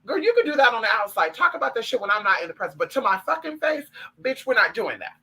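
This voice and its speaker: A man's voice: extremely high pitch, big pitch swings, fast talker, sharp tone, husky, rough recording. Sassy, profane man streaming live. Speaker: spiritual practitioner streaming to viewers.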